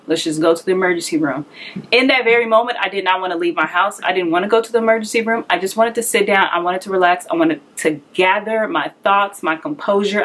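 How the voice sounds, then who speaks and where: A woman's voice: mid-range voice, fairly bright tone. A young woman telling a personal story in a candid, conversational way, a little out of breath, acting out the voices she quotes. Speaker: vlogger.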